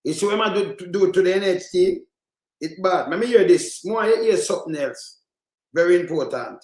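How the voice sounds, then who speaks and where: Jamaican guy ranting hard, high voice, echoey room. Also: lively intonation, moderate pace, darkish tone. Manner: heated, ranting, mixes patois. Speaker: commentator. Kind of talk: political commentary.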